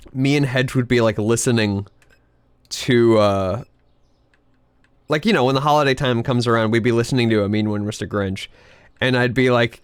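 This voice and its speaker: A man's voice: mid-range voice, smooth, no echo. A man streaming a video game, chatting casually in a rambling way, laughing often and swearing freely. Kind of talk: casual live-stream chat while gaming.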